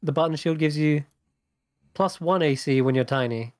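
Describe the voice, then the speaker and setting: A man running a tabletop game as game master, relaxed and chatty, often laughing. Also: on the high side, moderate pace, dry recording, clean studio sound.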